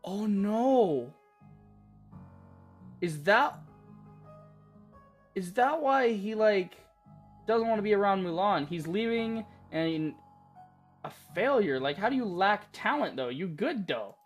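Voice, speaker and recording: A young man reading and commenting on a story game, casual and excitable, swearing freely and reacting loudly. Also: high voice, takes it slowly, long pauses, soft background music. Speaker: gaming YouTuber. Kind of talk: let's-play commentary.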